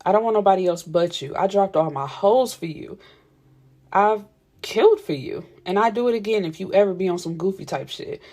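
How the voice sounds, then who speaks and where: A woman's voice: mid-range voice, brisk, darkish tone, natural voice. A woman voicing a brash young man who talks in slang and curses freely. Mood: boastful. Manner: slangy, cursing, boastful.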